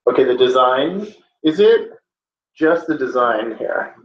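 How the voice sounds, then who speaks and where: A man's voice: mid-range voice, lively intonation, a little slow, slight background noise. Joking male teacher in a roomy classroom. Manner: joking, playful asides. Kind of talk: classroom lecture. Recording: dull, roomy classroom audio.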